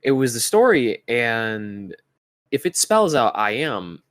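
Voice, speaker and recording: A young podcast co-host speaks slowly in a sing-song, mid-range voice during casual chat. His story wanders, full of fillers and restarts, and the recording is dry.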